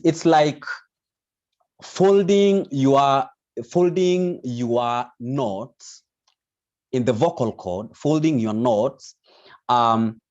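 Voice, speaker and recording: A man teaching an online vocal lesson, explaining patiently with many restarts. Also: medium pitch. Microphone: video call. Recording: dull lo-fi video call audio.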